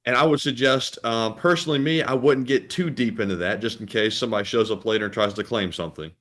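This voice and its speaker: A man's voice: mid-range voice, fast, fairly bright tone. Easygoing male co-host reading messages. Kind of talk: casual livestream chat.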